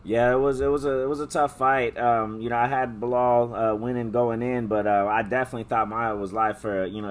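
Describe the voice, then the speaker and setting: Hoarse, halting man from California. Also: mid-range voice. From Stockton, California. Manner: halting, many fillers and restarts. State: hoarse, losing his voice. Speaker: podcast co-host, MMA betting picks. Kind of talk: casual chat.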